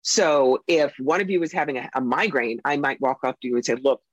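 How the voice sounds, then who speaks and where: A woman psychic and author telling stories in a casual interview, animated and acting out the voices of the people she quotes. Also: very deep voice, a little fast, dry recording. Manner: animated storyteller who acts out quoted voices. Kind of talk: casual interview talk, storytelling. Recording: dull lo-fi recording.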